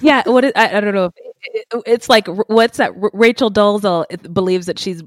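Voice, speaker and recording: A woman's voice: medium pitch, brisk, dry recording. A woman co-hosting a true crime podcast, chatty and laughing, with stammering restarts. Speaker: podcast co-host. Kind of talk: casual true crime chat.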